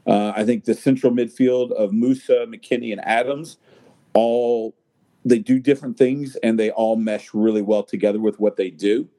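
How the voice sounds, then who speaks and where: A man's voice: on the low side, flat delivery, normal speed, warm tone. A man talking soccer in a loose, rambling way, with lots of fillers and restarts. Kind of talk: casual chat.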